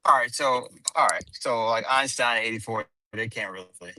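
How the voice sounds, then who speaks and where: A man's voice: medium pitch, moderate pace, bright, forceful tone, a little hiss or hum. A man chatting casually on a call-in panel, curious and asking lots of questions. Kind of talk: casual chat.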